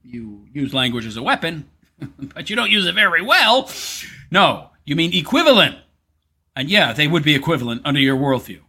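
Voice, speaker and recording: Sarcastic man, bright edgy voice, husky, heckling and laughing, pitch leaping high and low. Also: expressive, moderate pace. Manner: sarcastic, heckling, mocking, swinging wildly between high and low; laughs often while talking. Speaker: commentator reacting to a debate. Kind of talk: mocking live commentary.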